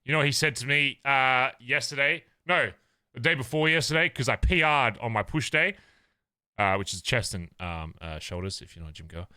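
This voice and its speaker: This young livestreamer has an Australian accent and is Australian himself. He swears and rants playfully at his viewers in an animated, casual chat. His voice is medium pitched at a normal speed, and the recording is dry.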